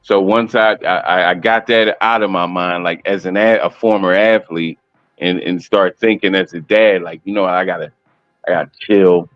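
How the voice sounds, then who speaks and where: A man's voice: deep voice, steady tone, normal speed, no echo, faint music behind. A man speaks as a guest in a casual video-call chat, telling his story openly and often restarting mid-sentence. The audio is slightly dull and muffled, and it sounds dry and close. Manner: candid, storytelling, many restarts.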